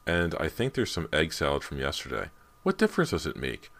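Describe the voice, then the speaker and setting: Brief: man doing a pushy teen girl in a storybook reading, quick and insistent, voice pitched up from a very deep base. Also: wildly swooping pitch, vocal fry, a bit bright, heavily acted. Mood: eager. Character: teenage girl, eager and sharp-tongued.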